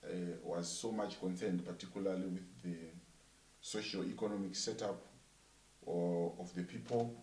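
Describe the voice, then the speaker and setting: A man interviewing a minister, echoing his guest's words and pausing with many fillers. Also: low voice, fairly even intonation, a little mellow, distant mic. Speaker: interviewer, church coordinator. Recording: echoey room, off-mic.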